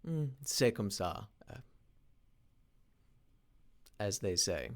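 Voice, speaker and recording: Halting, rambling man talking while he works. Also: lowish voice, sing-song. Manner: halting, rambling, frequent restarts and fillers; thinking aloud while working. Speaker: independent animation creator. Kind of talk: casual work vlog while animating.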